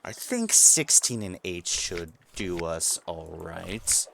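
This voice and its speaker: A man with a deep voice and a gravelly texture talks through a video game. He muses over his choices in an easy, casual way and reads the game's text aloud to himself. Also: very animated, slow, few pauses, a bit bright, slight background noise. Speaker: let's play streamer.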